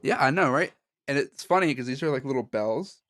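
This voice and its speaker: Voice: mid-range voice, lively intonation, fairly quick, fairly bright tone, no echo, studio quality. A podcast co-host in casual chat, rambling and cutting in on himself, laughing often.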